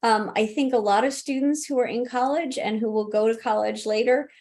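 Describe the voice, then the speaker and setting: A woman's voice: fairly high pitch, a little fast, darkish tone. A middle-aged woman answering interview questions as a college disability services expert, talking conversationally with many restarts and fillers and laughing easily.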